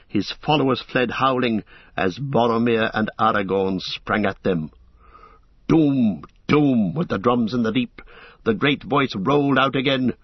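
Husky male audiobook narrator. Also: medium pitch, normal speed, dry recording, lo-fi sound. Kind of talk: audiobook reading.

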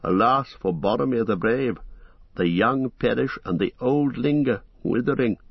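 A man voicing an aged male king who speaks with slow, proclaiming authority in a storybook reading. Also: mid-range voice, vocal fry, breathy edge, no room sound, muffled recording. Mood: weary. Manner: proclaiming, commanding. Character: aged male king, weary then roused.

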